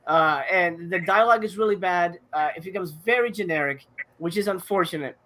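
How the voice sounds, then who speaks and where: A man's voice: sits high, brisk, bright, forceful tone, slight background noise. A man co-hosting a movie podcast, talking in a rambling, casual way with many fillers and restarts. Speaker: podcast co-host reviewing movies. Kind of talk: casual chat.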